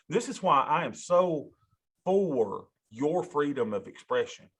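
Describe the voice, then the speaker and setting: A man's voice: mid-range voice, creaky, husky. A man, a financial advisor giving a rambling, emotional talk and calling his listeners y'all. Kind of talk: casual rambling monologue.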